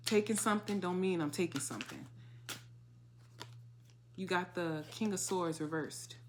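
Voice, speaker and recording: Slangy, animated tarot-reading woman. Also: on the low side, a little hiss or hum. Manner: animated, slangy, swears freely, dramatic asides. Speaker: tarot reader.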